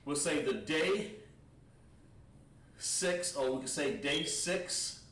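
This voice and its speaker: A man teaching a livestreamed Hebrew language class, slowly drilling words with lots of repetition. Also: on the high side, lively intonation, a bit bright. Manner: slow, repetitive, drawn-out pronunciation drills. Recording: roomy echo, distant mic, faint background noise.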